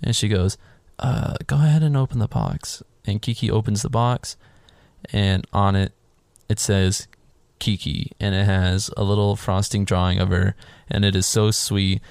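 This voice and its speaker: A man in casual podcast chat, retelling a film scene by scene and acting out the characters in higher voices. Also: unhurried, vocal fry, clear, resonant tone, dry recording. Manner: animated, acts out characters' lines in higher voices.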